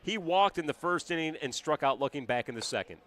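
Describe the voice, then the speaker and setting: A man giving baseball color commentary on radio, measured and full of stats. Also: a little high, animated, a bit bright. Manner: measured, stat-heavy analysis.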